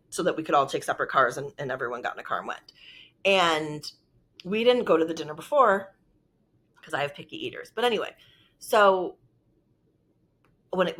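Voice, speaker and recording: A woman's voice: low voice, a bit bright, slightly rough. A woman vlogger telling a personal story in a rambling, emotional way with lots of filler words. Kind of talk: casual storytelling.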